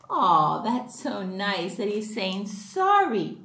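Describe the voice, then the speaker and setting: A woman teacher reading a storybook to young children during circle time, animated and gently instructive. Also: mid-range voice, slow. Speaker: preschool teacher. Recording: roomy echo.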